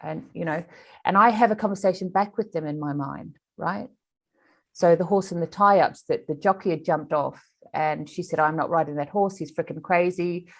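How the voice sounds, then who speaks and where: A woman with a slightly low voice tells an eventful story as an interview guest. She talks in an animated way, often restarting her sentences. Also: moderate pace.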